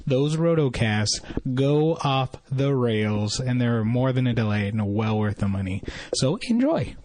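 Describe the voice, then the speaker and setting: A man's voice: mid-range voice, a little slow, darkish tone. A man sending a recorded message of thanks to a podcast, earnest and a little choked up. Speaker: listener leaving a voicemail.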